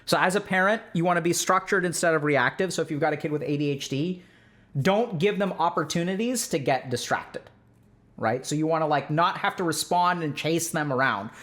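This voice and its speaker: A man's voice: on the high side, brisk, a bit bright. A man, a clinician, explaining parenting in a casual, conversational way, peppering his talk with "like" and frequent "right?" check-ins. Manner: sarcastic when mocking strict views. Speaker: clinician giving parenting advice.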